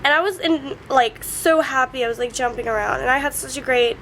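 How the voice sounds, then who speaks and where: Tearful young woman, high voice. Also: brisk, a bit bright, slight background noise. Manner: tearful, breaking into sobs; many fillers like "like". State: crying. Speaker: vlogger. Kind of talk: emotional personal vlog.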